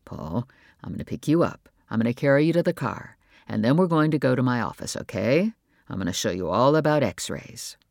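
A man voicing a calm doctor and father who speaks low and reassuringly to his hurt son. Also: a little fast, gravelly, no room sound, clean studio sound.

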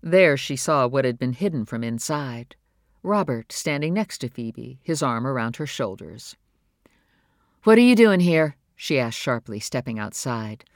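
Measured audiobook narrator, dry close sound. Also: medium pitch, dry recording. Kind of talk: scripted narration.

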